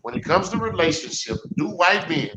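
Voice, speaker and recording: A man's voice: fairly high pitch, big pitch swings, normal speed, lo-fi sound. A man hosting a casual group podcast, teasing his co-hosts in a loose, joking way. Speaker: podcast host. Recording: echoey room, noisy remote call.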